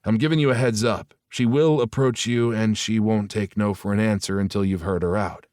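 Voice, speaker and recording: An easygoing, friendly groom-to-be, as a male narrator voices him talks lightly and warmly. His voice sits a little above the narration. The sound is close and dry. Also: on the low side, fairly even intonation, normal speed, no room sound, lightly acted. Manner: friendly, chuckling. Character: easygoing man, the happy groom-to-be.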